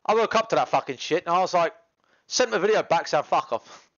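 A man livestreaming while he cooks, brash and rambling, his voice swinging to loud animated bursts. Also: a little high, fairly quick, dry recording, lo-fi sound. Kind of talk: casual cooking livestream chat. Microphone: GoPro camera mic.

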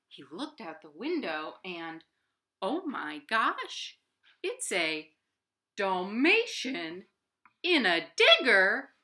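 Lady doing storytime at home, super animated, gasps a lot, slow and bright. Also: mid-range voice. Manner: animated, gasping, playful sound effects. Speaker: library storytime host. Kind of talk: reading a picture book aloud to children. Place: her home.

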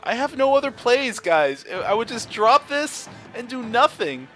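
A young gaming video host gives casual, excitable commentary on his own card game at normal speed, swinging from low mutters to high yelps while laughing and swearing. Soft music plays in the background.

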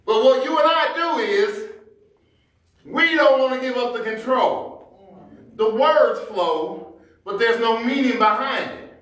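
A man's voice: extremely high pitch, takes it slowly, long pauses, fairly bright tone. Male pastor, conversational sermon delivery, acts out scenes; very echoey church, distant mic. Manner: conversational Black church preaching, acting out everyday scenes. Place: church sanctuary.

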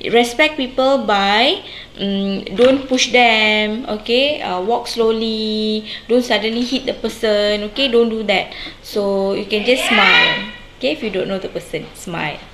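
Slow, patient woman teacher. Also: mid-range voice, reverberant, background noise. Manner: slow, patient, sing-song explaining with many "okay?" checks. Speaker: primary school teacher. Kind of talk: recorded home lesson for young children.

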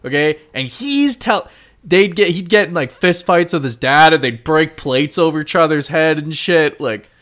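A man's voice: a little high, expressive, moderate pace, a bit bright. Young guy on a podcast rambling thru a story, says like every other word, swears a ton, keeps cracking up. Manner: rambling storyteller, heavy use of "like" and swearing, laughing often. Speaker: podcast co-host. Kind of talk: casual chat.

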